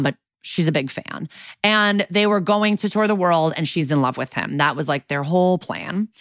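A woman with a fairly low voice, recapping a show in a loose, chatty way and leaning on "like" as she goes. She swears casually, and the close mic sounds dry. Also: fairly bright tone, no echo. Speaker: podcast co-host.

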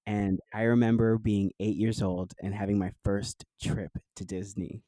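A man's voice: on the low side, moderate pace, no echo, low-quality recording. A man from New Jersey, a guest telling childhood stories in a casual interview, laughing often and filling with "like". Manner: animated storyteller, laughs often, fillers like "like".

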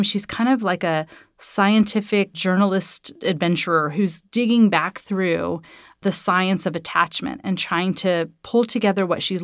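A woman's voice: lowish voice, creaky, no echo, studio quality. A woman author talking casually and enthusiastically. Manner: enthusiastic, conversational. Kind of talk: casual talk.

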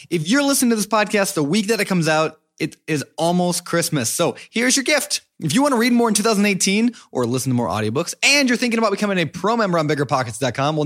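A man's voice: on the high side, a bit bright. A man hosting a podcast, reading a holiday promotion in a friendly, upbeat way. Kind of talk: casual promo read.

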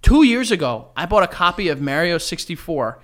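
A man's voice: a little high, fairly quick. A young adult man co-hosting a podcast, chatting casually with jokes and mock outrage. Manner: joking, animated, mock outrage. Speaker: podcast co-host and streamer. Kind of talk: casual chat.

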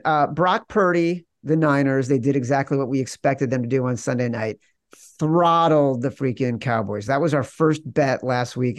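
A man's voice: mid-range voice, dry recording. A man hosting a sports betting podcast, upbeat and jokey, running through promos and banter. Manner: upbeat, jokey, quick ad reads. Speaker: podcast host.

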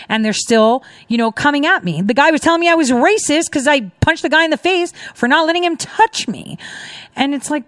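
A woman hosting her own livestream, talking in a rambling, indignant, animated way and laughing now and then. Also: sits high, a little fast, dry recording, clean studio sound. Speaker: livestream host. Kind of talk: casual ranting commentary.

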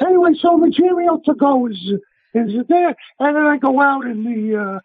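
A middle-aged man, a chef telling blunt, animated stories in a phone interview. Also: very high voice, normal speed. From United States. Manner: brash, blunt, animated storyteller. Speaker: celebrity chef, interview guest. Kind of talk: casual phone interview storytelling. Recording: tinny phone line.

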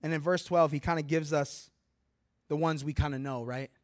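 A man preaching a sermon in a church, reading scripture and joking in a lively, conversational way. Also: a little high, normal speed. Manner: animated, humorous, conversational preaching. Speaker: guest preacher.

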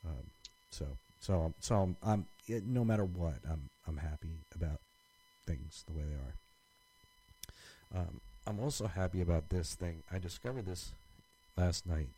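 Low, mellow-voiced man rambling on a podcast. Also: expressive, measured pace, husky, rough recording. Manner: rambling, many restarts and fillers. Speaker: podcast co-host. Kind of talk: casual chat.

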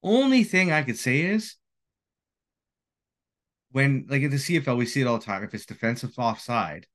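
A man's voice: mid-range voice, expressive, moderate pace, a bit bright. A man co-hosting a casual sports podcast, talking in a conversational way, often hedging with "like" and "right?". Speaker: podcast co-host.

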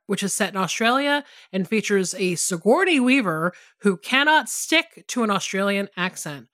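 A woman's voice: mid-range voice, pushed and bright, no echo, clean studio sound. A woman co-hosting a podcast in casual chat, laughing often and reading out a listener email. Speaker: podcast co-host.

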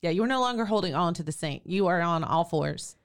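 A woman hosting a podcast as a birth doula, chatting in a lively, laughing way as she recalls a client's births. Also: on the low side, quick pace, smooth. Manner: animated, laughing storyteller. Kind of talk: casual podcast chat.

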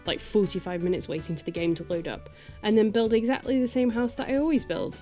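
A woman's voice: mid-range voice, fast, mellow, faint music behind. Giggly woman co-hosting a podcast. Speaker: podcast co-host. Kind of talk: casual chat.

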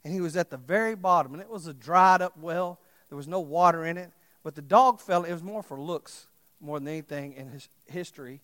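A male pastor preaching a sermon, swinging from loud impassioned calls to quiet storytelling. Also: a little high, fairly quick, long reverb tail.

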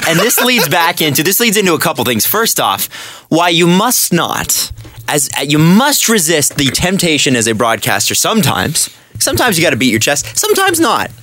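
A man co-hosts a podcast in a bright, forceful voice that sits slightly high. His pitch swings widely as he teases and jumps in with jokes. He keeps the chat relaxed and playful. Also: moderate pace. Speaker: podcast co-host. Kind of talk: casual chat.

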